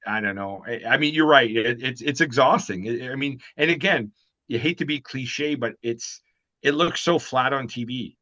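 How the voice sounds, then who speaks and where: Brief: man co-host, rambling storyteller, bright, tense tone, slightly muffled lo-fi sound. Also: medium pitch, normal speed, dry recording. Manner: rambling storyteller with many restarts. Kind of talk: casual interview chat. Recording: dull lo-fi recording.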